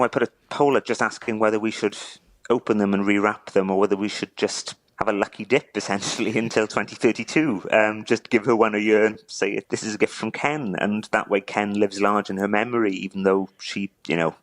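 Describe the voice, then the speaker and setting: A middle-aged man from Wales, interviewed, telling a touching story haltingly and repeating words as he chokes up. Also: lowish voice, no echo. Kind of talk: emotional interview.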